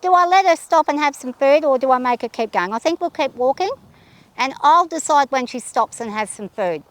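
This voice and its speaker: A woman riding a horse outdoors, talking her nerves out loud and soothing her mount in a casual vlog. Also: high-pitched, animated, fairly quick. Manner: anxious, thinking aloud, soothing her horse. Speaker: horse rider vlogger. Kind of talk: casual narration while riding. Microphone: camera held by a companion.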